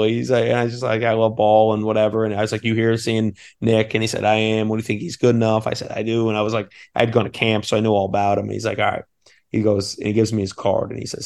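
Gravelly low-voiced man telling stories. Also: level tone, fast talker, a little mellow. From Maine, USA. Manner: eager, rambling, many restarts. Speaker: assistant basketball coach. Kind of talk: casual podcast storytelling.

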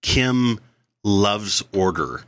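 A man's voice: fairly low pitch, expressive, extremely slow, fairly bright tone, smooth, no room sound. A man co-hosting a casual podcast with his wife, teasing her and joking around with casual swearing. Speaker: podcast co-host. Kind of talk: casual chat.

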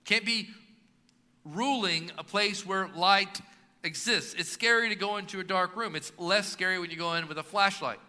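A man in his thirties preaching a sermon as pastor, swinging between emphatic, rising lines and quiet, low ones. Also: moderate pace. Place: church sanctuary. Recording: long reverb of a church hall.

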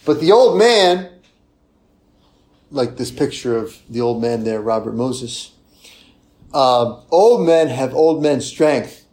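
A man preaching a sermon in a conversational way, often checking in with "right?" and acting out confessions in a softer voice. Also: mid-range voice, expressive, slow pace, long pauses.

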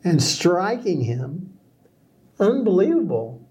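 A man's voice: high voice, very animated, takes it slowly, a little mellow. A man talking earnestly and reflectively about scripture in a casual co-hosted discussion, with plenty of fillers. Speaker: Bible study co-host.

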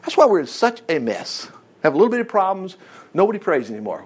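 A man, preaching a sermon as a pastor in a folksy, animated way, jumping between loud exclamations and quiet asides. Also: high-pitched, fast, husky.

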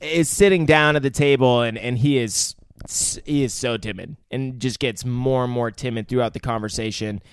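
A man's voice: mid-range voice, moderate pace, smooth, dry recording, clean studio sound. A man co-hosting a casual podcast, recapping a film in a rambling, swear-laden way. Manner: rambling, swears often, hesitant restarts. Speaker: podcast co-host.

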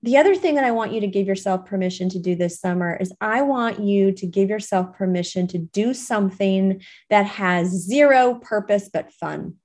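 A woman's voice: medium pitch, normal speed, few pauses, darkish tone. A woman hosting her own podcast, talking to parents in a chatty, reassuring way with plenty of fillers. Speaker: podcast host. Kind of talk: casual solo podcast talk.

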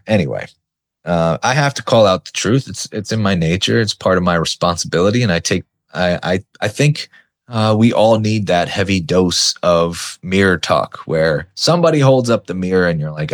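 A young adult man with a low-pitched voice hosts his own coaching podcast. He talks in a blunt, animated, unscripted way, swearing casually and slipping into impressions of frustrated clients. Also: moderate pace. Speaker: podcast host, business coach. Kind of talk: casual monologue.

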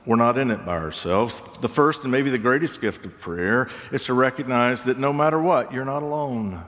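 An older man preaching a sermon, reflective and unhurried, with touches of gentle humor. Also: medium pitch. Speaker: pastor. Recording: long reverb of a large hall.

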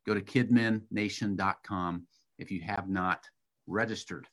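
A man's voice: low voice, fairly even intonation, a little slow. A man hosting a podcast, upbeat and promotional, leading the conversation with his guest. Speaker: podcast host.

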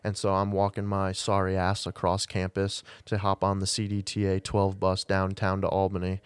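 Young man, low pitch, smooth clear voice, dry close sound, rambling and self-mocking. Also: monotone, moderate pace, dry recording. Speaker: guest telling his side. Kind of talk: casual storytelling.

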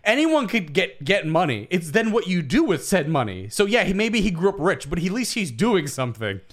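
A man's voice: sits high, sing-song, a little fast. A young man from Brooklyn co-hosting a casual podcast, acting out quoted exchanges and swearing freely. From Brooklyn, New York. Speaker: podcast co-host. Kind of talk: casual chat.

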